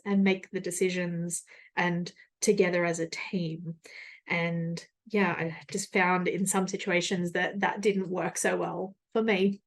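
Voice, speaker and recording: Brief: woman in her thirties, solo podcast host, candid and rambling, self-mocking, frequent laughter. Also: medium pitch.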